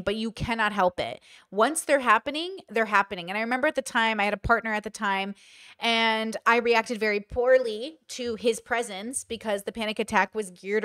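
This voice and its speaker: A woman's voice: medium pitch, a bit bright, no echo, clean studio sound. A woman hosting a commentary channel, telling a personal story candidly in casual talk and acting out quoted lines.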